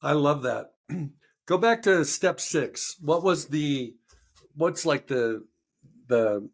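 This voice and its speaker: A man's voice: a little high, animated, slow. A man hosting a podcast, asking the guest short, curious follow-up questions in casual talk. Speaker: podcast host.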